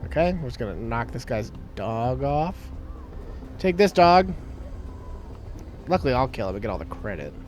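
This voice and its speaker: A man's voice: medium pitch, expressive, fast, few pauses, darkish tone, faint music behind. Joking man rambling over gameplay. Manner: joking, rambling with many fillers. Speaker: let's play co-host. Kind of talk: casual gameplay commentary.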